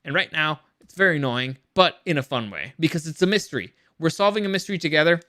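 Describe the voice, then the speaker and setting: Male reviewer, casual and speculative, restarts often; pitched a bit high, with a bright, sharp tone. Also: quick pace. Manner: rambling, many restarts and repeated words; excited, speculative. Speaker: show reviewer.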